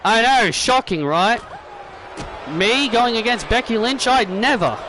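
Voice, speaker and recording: Brief: young male gaming host, very high voice, unhurried delivery, excitable fan play-by-play. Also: background noise. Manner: excitable fan commentary, often calling out the action. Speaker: gaming YouTuber. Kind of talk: play-by-play commentary over a wrestling video game.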